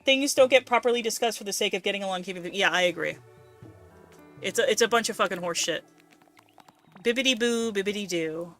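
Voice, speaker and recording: A woman's voice: mid-range voice, fast talker, a bit bright, soft background music. A woman streaming a game, ranting casually and swearing a lot in exasperation. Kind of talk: casual let's-play commentary.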